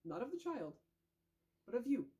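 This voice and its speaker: A man's voice: very high-pitched, very animated, normal speed, mellow, rough recording. A young man, a parent and podcast co-host, telling a story in a rambling, chatty way with lots of fillers and restarts. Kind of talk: casual chat. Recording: clear background noise.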